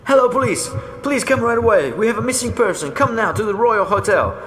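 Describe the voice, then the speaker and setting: A man's voice: sits high, big pitch swings, fast talker, fairly bright tone, voice pushed up. A man voicing a frantic, fretful upper-class woman manager who keeps exclaiming. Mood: panicked. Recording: roomy echo, faint noise.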